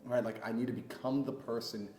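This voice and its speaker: A man's voice: mid-range voice, fairly even intonation, fairly quick, dark tone. A man hosting a podcast interview, casual and affirming as he asks questions. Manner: casual, affirming, says "bro" and "right". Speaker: podcast host. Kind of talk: interview conversation. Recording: echoey room with faint music.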